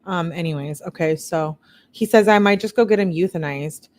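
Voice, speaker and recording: Reading text messages aloud at normal speed, this true-crime commentator has a lowish, slightly mellow voice. She delivers the quotes a little higher and interrupts with frank, blunt asides.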